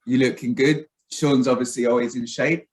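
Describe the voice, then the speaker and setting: A man's voice: mid-range voice, steady tone, normal speed, low-quality recording. Man hosting a friendly video call. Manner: friendly, rambling with fillers. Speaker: host. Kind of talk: casual video-call interview.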